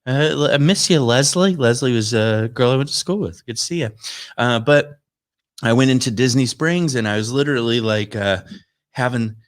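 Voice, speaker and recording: A man's voice: medium pitch, normal speed. A man from Florida, a comedian chatting casually to viewers from his home studio, rambling and poking fun at himself. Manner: rambling, chatty, self-mocking. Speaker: stand-up comedian.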